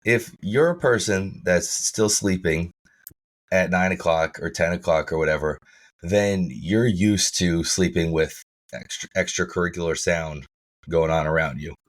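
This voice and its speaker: A man co-hosting a podcast in casual chat, his voice rough and froggy from feeling unwell, rambling and restarting sentences. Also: deep voice, unhurried. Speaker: podcast co-host.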